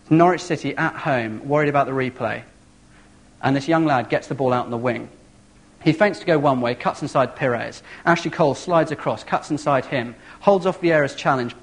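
A man preaching a sermon, telling a story in an animated, vivid way. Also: medium pitch.

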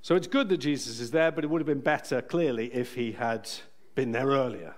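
A man preaching a sermon in a church, earnest and emphatic, slowing down to stress key phrases. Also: mid-range voice.

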